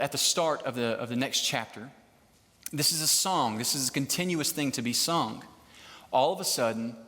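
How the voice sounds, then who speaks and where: A man's voice: mid-range voice, a bit bright. A man preaching a casual, conversational sermon to a live crowd, chatty and joking, often checking in with the listeners. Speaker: pastor. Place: large hall, live service. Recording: long hall reverb.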